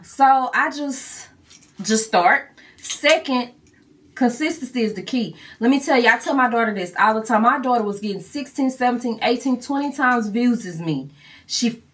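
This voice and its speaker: A woman's voice: fairly high pitch, animated, normal speed, fairly bright tone, far from the mic. A woman, telling candid stories and laughing often in a long-winded Q&A chat. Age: 40s. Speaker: vlogger. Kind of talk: casual Q&A chat.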